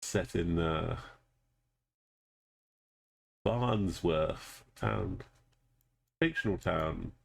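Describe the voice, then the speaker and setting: Male streamer, low and gravelly, relaxed live-commentary delivery while playing. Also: extremely slow. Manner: thinks aloud, greets chat viewers. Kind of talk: casual live gameplay commentary.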